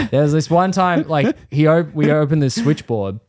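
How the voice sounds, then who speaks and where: A man's voice: a little high, animated, normal speed, darkish tone, dry recording, studio quality. A man co-hosting a podcast, telling a funny story in a casual, swearing way. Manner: laid-back, swears, acts out voices in his stories. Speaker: podcast co-host.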